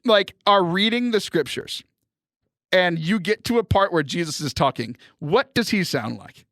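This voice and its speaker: Lively high-voiced man telling stories. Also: moderate pace, dry recording, clean studio sound. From Houston, Texas. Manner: animated storytelling, laughs often. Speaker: podcast host. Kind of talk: casual chat.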